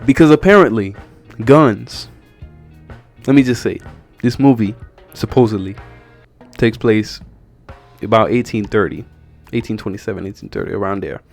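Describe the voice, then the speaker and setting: A man giving blunt, sarcastic commentary as a film reviewer, talking casually and with clear exasperation. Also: lowish voice, moderate pace, pauses often, soft background music.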